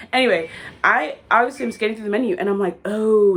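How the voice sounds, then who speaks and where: A woman's voice: mid-range voice, fast, slightly rough. A young woman vlogger telling a story in a casual, dramatic way, full of likes and asides. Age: young adult.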